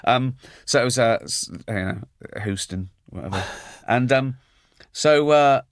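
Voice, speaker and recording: A man chatting as a guest, telling animated anecdotes and acting out the quoted lines. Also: medium pitch, a little slow, no room sound, clean studio sound. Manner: animated storyteller, acts out quotes. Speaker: comedian and guest. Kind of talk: anecdotal chat.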